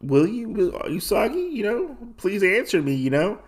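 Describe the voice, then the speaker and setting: A man's voice: fairly high pitch, moderate pace, fairly bright tone, pitched above the performer's own voice. A man voicing a young pampered princess who pleads in a wistful, lovesick rush. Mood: pleading.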